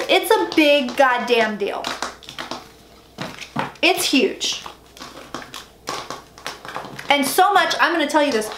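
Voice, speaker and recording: Fast, profane, excited woman tarot reader. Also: high-pitched. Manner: rapid, profane, emphatic, says she talks like an auctioneer. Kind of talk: excited tarot reading monologue. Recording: echoey room with faint noise.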